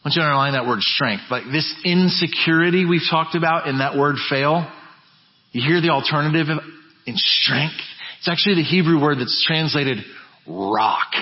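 A man preaching a sermon as pastor, emphatic, dropping to low quiet phrases and building back up. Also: moderate pace. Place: church sanctuary. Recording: muffled church recording with long reverb.

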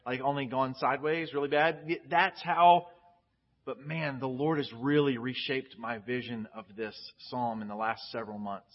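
A man's voice: mid-range voice, fairly even intonation, normal speed. A man preaching as a pastor in a casual, candid sermon, chatty and restarting his phrases. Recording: dull lo-fi audio.

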